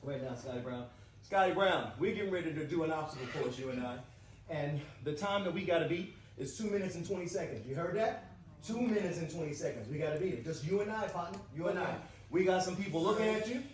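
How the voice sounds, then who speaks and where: A man running a team-building exercise, coaching in an upbeat, repetitive way. His voice sits high and is picked up from a distance in a roomy hall. Faint room ambience runs underneath. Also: lively intonation, quick pace, a little hiss or hum. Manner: coaching, encouraging, repeats phrases. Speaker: workshop facilitator. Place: large indoor workshop room. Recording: echoey room mic from far off.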